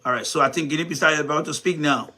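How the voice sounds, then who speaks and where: A man hosting a live commentary stream, animated and repetitive, talking straight to his viewers. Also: a little high, very fast, slight background noise. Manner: animated, repeats himself, talks to viewers as folks. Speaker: commentary show host.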